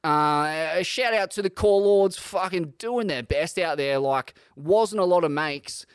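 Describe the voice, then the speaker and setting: A young man with an Australian accent trades brash, sweary banter as a podcast co-host. His voice sits a bit high for a man, and it is recorded dry and close-miked. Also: unhurried, smooth, dry recording. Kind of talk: casual chat.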